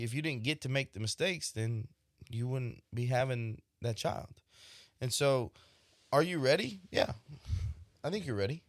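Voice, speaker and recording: A young man, a podcast host and expecting father, muses through a casual, reflective monologue, often tossing in a conversational "right?" His medium-pitched voice is captured dry, with clean studio sound.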